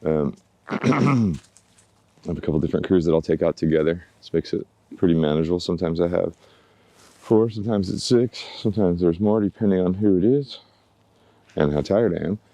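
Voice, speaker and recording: A man with a low, mellow voice talks casually into a handheld camera while he takes his dogs out in the yard. He is relaxed and chatty and coaxes the dogs along with pet names. The sound is dry and close. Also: fairly quick, long pauses, dry recording. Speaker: dog trainer. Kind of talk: casual vlog narration while walking dogs. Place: outdoors in a yard by woods.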